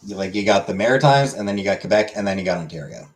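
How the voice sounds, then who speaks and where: A young man talks loosely to his stream viewers, drifting from point to point with plenty of "like" and "you know." His voice sits a bit low and easygoing. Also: rapid-fire. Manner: relaxed, rambling with many fillers. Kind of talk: casual chat with viewers.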